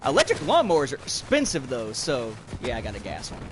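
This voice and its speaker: A man's voice: mid-range voice, wildly swooping pitch, a little fast, very noisy. A man in his thirties hosting a livestream podcast, chatting with viewers while playing a shooter game. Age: 30s. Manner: rambling, talks to chat while playing a shooter. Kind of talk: casual chat while gaming. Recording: loud game sounds behind. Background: shooter game audio.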